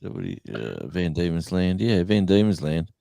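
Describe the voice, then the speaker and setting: Australian man, easygoing co-host, deep voice, gravelly, very animated pitch. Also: moderate pace, dry recording, clean studio sound. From Tasmania, Australia. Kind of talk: casual live-stream chat.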